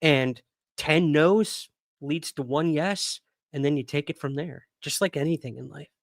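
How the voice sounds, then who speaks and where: A man's voice: a little high, unhurried, dry recording, clean studio sound. A man hosting a casual livestream, chatty and rambling with many fillers, hiccuping. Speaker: podcast host.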